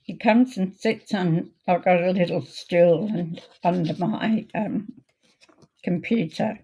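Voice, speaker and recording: A woman hosting a card-making video, chatting in a homely way while she works, her voice a little croaky. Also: lowish voice, steady tone, dark tone, a little hiss or hum. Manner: chatty, homely, unhurried, talks while working. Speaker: craft video host. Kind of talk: casual crafting demo chat.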